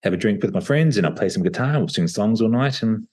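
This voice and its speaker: A man voicing a contented fisherman in a told story, relaxed and unhurried. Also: fairly low pitch, voice pushed up. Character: easygoing male fisherman, content villager.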